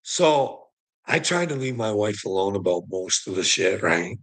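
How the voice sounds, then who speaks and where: A man's voice: fairly low pitch, lively intonation, measured pace, a bit bright. A middle-aged man telling a heated, profane story in a casual vlog rant, laughing often between lines. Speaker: vlogger.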